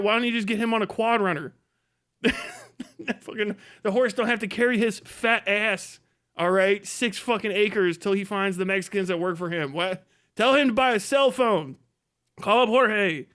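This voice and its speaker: This livestream host has a high, bright, forceful voice with a clean tone. He delivers a crude, mocking, profane rant played for comedy, laughing often.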